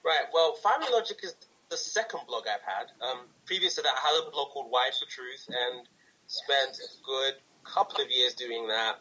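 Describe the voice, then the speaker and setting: A man in his early twenties with a London English accent speaks as a podcast guest. His voice is bright and somewhat husky, and it rises and falls a lot as he tells his stories. He talks casually and laughs easily. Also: mid-range voice, rough recording. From England. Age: 20s. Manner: animated storytelling, quick to laugh. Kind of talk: casual interview chat.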